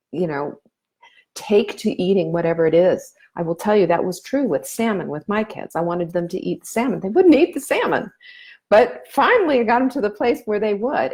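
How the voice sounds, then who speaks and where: A woman's voice: medium pitch, a little mellow. A middle-aged woman hosting a casual live stream, giving earnest, motherly advice with frequent fillers. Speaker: nutrition coach host.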